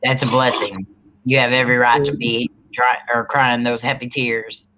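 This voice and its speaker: A host chats on a casual live stream, encouraging a guest and reading out comments from the chat. The voice sits at a middle pitch. A faint hiss of noise runs behind it. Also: steady tone, normal speed, poor audio. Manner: warm, encouraging, reads chat aloud.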